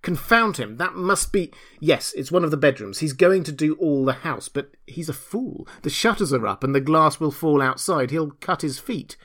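A man's voice: fairly high pitch, animated, moderate pace, hardly any pauses, a bit bright, voice pushed up. A man reading the part of an alarmed doctor trapped in his house, speaking in agitated, raised exclamations. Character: alarmed middle-aged doctor under siege. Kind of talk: audiobook character reading.

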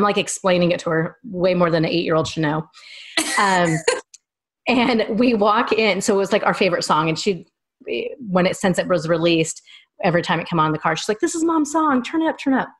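A woman in her thirties with a somewhat low voice, telling long personal stories as a guest. She rambles and circles back as she talks in an easygoing, conversational way. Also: fairly even intonation, a little fast. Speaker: small business owner and guest. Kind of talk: casual interview chat.

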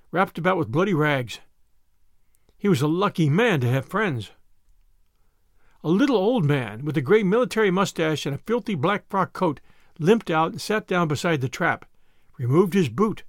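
Lively high-voiced male storyteller. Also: no room sound, clean studio sound. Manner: dramatic reading, voicing crowd shouts loudly. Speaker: audiobook narrator. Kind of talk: scripted narration of a novel.

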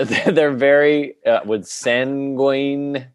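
A man's voice: mid-range voice, fairly even intonation, very slow, clear, resonant tone, no echo. Joking male co-host, dry sound. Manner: laughs easily, joking banter. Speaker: podcast co-host. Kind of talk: casual podcast chat.

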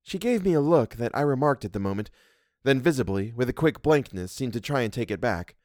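A male reader narrates a classic ghost story for an audiobook, measured and expressive, his middle-pitched voice rising and falling in a lively way. The recording is dry and close, without room echo.

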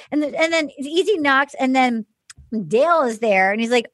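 A woman's voice: high-pitched, lively intonation, fairly quick, fairly bright tone. A woman hosting a comedy podcast, recapping a show and acting out the people she quotes.

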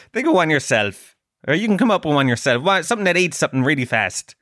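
Guy hosting his own podcast, swears a lot and rants, voice gets loud and high when he's worked up, dry close mic. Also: brisk, no echo. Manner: profane, ranting, animated. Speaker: podcast host. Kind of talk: comic storytelling monologue.

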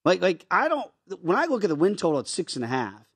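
A middle-aged man gives his betting take with emphatic, wry energy. His pitch swings widely and sits a bit high for a man. The sound is dry and close. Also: wildly swooping pitch, fast talker, breathy edge, no room sound. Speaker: sports betting show co-host. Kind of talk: casual sports betting chat.

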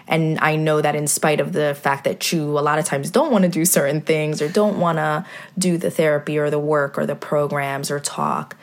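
A woman's voice: low voice, steady tone, moderate pace. A woman, a mother hosting a podcast, talking earnestly and with faith, with many fillers. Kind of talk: heartfelt podcast conversation.

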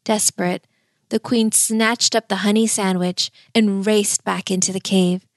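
A woman narrating a bedtime fairy tale in a gentle, measured way. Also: mid-range voice, steady tone, no room sound, studio quality. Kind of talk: storybook narration.

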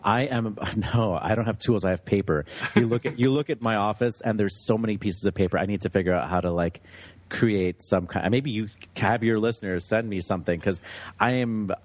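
Restaurant owner, male, German native, low-pitched, dry close sound, chatty storyteller. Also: fairly quick, no echo. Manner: chatty, animated storyteller, laughs easily. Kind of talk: podcast interview.

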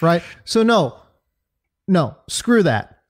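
A man with a high, lively voice co-hosts a casual sports podcast. He rants in bursts, full of fillers and repeated words. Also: slow pace. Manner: animated ranting with many fillers and repeats. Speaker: fantasy football podcast co-host.

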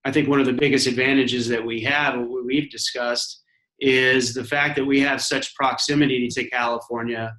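A man's voice: medium pitch, flat delivery, normal speed, sharp tone, echoey room, low-quality recording. A man from Arizona, a guest in a casual interview, speaking unhurriedly with frequent restarts. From Arizona, USA. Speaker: guest, commercial real estate owner.

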